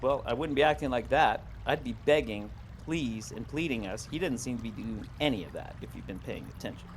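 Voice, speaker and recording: A man's voice: medium pitch, a little fast, a little hiss or hum. A man playing a tabletop game, talking casually and questioning the others in a cautious way. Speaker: player.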